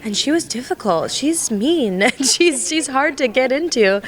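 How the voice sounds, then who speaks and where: A woman's voice: high voice, animated, measured pace. A young woman in her twenties from Colorado, an actress giving a bubbly press interview and laughing often. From Colorado, USA.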